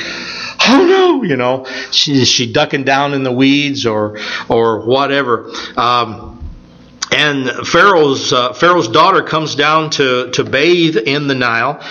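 Bright-voiced male preacher, lo-fi. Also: medium pitch, unhurried. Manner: conversational, animated retelling of scripture. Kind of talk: sermon.

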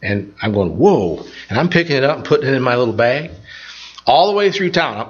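An older man preaches at a mid pitch, wandering off into folksy personal stories and often restarting his sentences. The recording sounds a little dull and lo-fi. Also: very animated, a little fast, slight background noise. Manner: rambling, folksy storytelling with many restarts. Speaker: pastor. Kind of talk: informal sermon with personal stories.

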